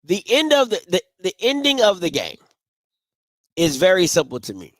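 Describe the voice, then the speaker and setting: A man's voice: high-pitched, wildly swooping pitch, moderate pace, dry recording. A man hosting a casual live postgame sports show from home, talking in a playful, trash-talking way and repeating himself for emphasis. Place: home, green screen behind him.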